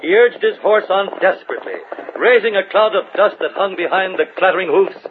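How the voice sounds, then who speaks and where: Dramatic male radio announcer, high-pitched, swooping delivery, thin phone-like sound with faint hiss. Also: fairly quick. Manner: booming, declamatory. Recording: tinny old radio recording, faint hiss.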